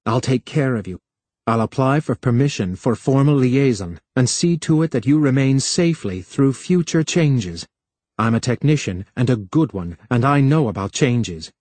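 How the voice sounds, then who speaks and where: A man voicing an earnest male technician who talks in an insistent, pleading way, often lower and quieter. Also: animated, normal speed, dry recording, lightly acted. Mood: urgent.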